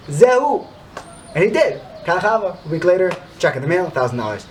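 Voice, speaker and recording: A man telling an inspirational story and drawing a religious lesson, swinging from hushed to emphatic. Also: a little high, sing-song, fast talker, slight background noise. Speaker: storyteller and teacher.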